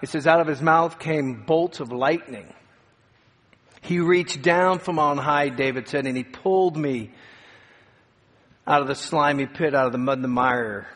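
A man preaching a sermon, swinging from dramatic raised cries to hushed, quiet passages. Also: medium pitch. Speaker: pastor. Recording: long hall reverb.

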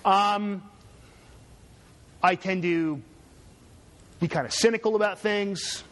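A man's voice: high-pitched, a little slow, fairly bright tone. Sarcastic, joking male university lecturer. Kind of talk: classroom lecture.

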